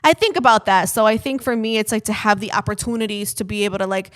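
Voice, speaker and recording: Radio gal on a podcast, blunt, swears a lot, joky, medium pitch. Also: female voice. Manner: blunt, swears freely, quick to joke. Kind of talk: casual chat.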